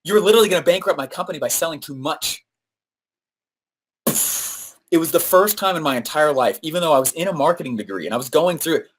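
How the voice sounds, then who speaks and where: A man with a somewhat high voice teaching a live-streamed marketing lesson. He tells stories in an animated way and acts out what others said to him. He peppers his talk with fillers and "right?" tags. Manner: frequent fillers and "right?" tag questions. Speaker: marketing coach.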